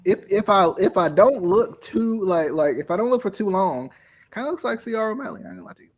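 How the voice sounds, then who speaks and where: High-voiced man hosting a casual podcast. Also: lively intonation, quick pace. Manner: laid-back, filler-heavy, laughs easily. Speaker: podcast host running the picks. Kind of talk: casual chat.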